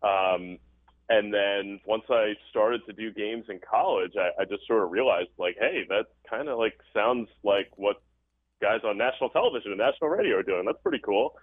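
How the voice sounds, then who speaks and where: An upbeat, easygoing man who works as a baseball broadcaster, talking on a tinny phone line. His voice sits a little low. He calls in from a stadium press box, and the sound is dry. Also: moderate pace, dry recording. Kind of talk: casual interview over the phone.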